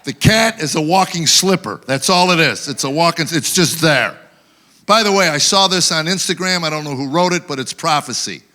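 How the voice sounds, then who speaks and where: A man's voice: fairly high pitch, normal speed, sharp tone. A man performing a live stand-up routine at an awards show, telling wry stories and acting out voices for the punchlines. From Tennessee, USA. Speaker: stand-up comedian.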